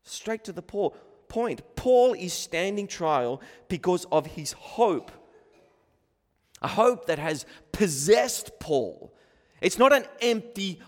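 An Australian man preaches with earnest emphasis, his voice sitting high for a man. He repeats words and restarts phrases as he presses his points. The sound carries a long reverb, as if he speaks in a large hall. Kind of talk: sermon.

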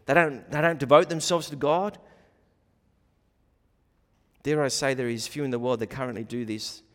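A man preaching a sermon, animated and swinging between loud emphasis and hushed asides, acting out quoted voices. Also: medium pitch, moderate pace. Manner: animated, acts out quoted voices, rising and falling loudness. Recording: long reverb of a large hall.

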